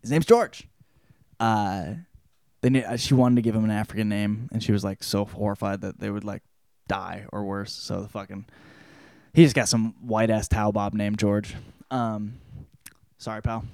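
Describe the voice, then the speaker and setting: A man hosting a podcast, giving a casual spoken book report in a profane, rambling way, breaking into loud quoted outbursts. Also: fairly low pitch, steady tone, moderate pace, creaky, dry recording, studio quality. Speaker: podcast host.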